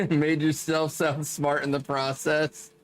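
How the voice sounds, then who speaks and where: A high-voiced man chats casually while he plays a game, rambling from joke to joke and swearing freely. Soft music runs underneath. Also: little pitch movement, slow. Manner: rambling, profane, joking. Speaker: gaming streamer. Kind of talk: casual chat while gaming.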